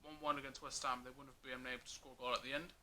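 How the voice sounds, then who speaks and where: Fast-talking man with a bright voice. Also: mid-range voice, little pitch movement, slight background noise. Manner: quick, persistent questioner. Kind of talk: casual football chat.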